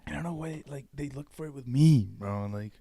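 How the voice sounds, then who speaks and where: A man's voice: mid-range voice, a little fast, gravelly, dark tone. A young man co-hosting a podcast, telling stories in casual, swear-filled bro talk. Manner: swearing, storytelling, laid-back bro talk. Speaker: podcast co-host. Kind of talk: casual chat.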